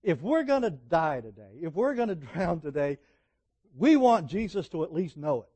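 A middle-aged man delivers a sermon in a chatty storytelling manner. His voice sits slightly high for a man, and he swings between emphatic, raised peaks and hushed, confiding asides. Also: sing-song, moderate pace, breathy edge. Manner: conversational storytelling, rising to emphatic peaks and dropping to quiet asides. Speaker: preacher. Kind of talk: sermon with personal stories.

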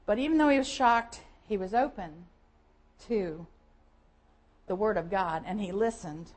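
A woman's voice: medium pitch, measured pace, low-quality recording. A woman pastor with a Southern American accent preaching a sermon, telling Bible stories vividly and acting out quoted voices. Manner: storytelling, lively, acts out quoted voices.

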